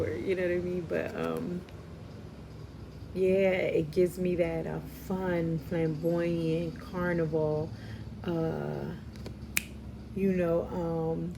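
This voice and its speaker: Against a noisy background, a woman with a voice on the low side does a casual, spiritual tarot reading, thinking aloud with frequent fillers and "right?" checks. She's a Spanish heritage speaker of Puerto Rican background, from the New York and Philadelphia area.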